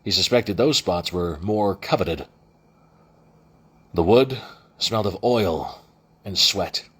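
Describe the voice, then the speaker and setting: A man's voice: sits low, expressive, slow pace, slightly rough. A man reading a novel aloud as an amateur audiobook narrator, with frequent restarts and self-corrections. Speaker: audiobook reader.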